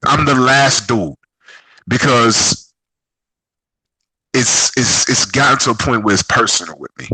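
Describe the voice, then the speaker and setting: A man's voice: mid-range voice, animated, measured pace, pauses often, bright, forceful tone, slightly rough, dry recording, rough recording. A man giving an angry, profane, heated vlog rant. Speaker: boxing vlogger.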